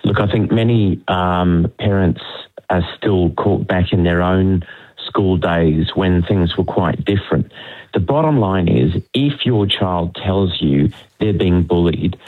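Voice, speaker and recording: A man, a child psychologist, giving calm, authoritative advice as a phone-in guest. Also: low voice, slow. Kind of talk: phone-in expert interview. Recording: tinny phone line.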